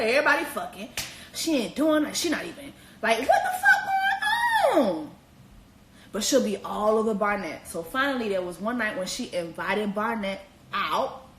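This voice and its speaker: High-voiced, profane storytelling woman. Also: a little hiss or hum. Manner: blunt, profane, animated storytelling with slang. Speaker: vlogger recapping a reality show. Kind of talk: casual comedic recap. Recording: echoey room.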